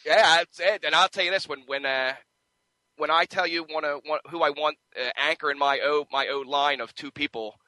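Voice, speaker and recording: A man's voice: on the high side, fairly even intonation, normal speed, pushed and bright, dry recording, rough recording. A man co-hosting a sports talk radio show, chatting casually and rambling with frequent restarts into a studio microphone. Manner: rambling, many restarts and fillers.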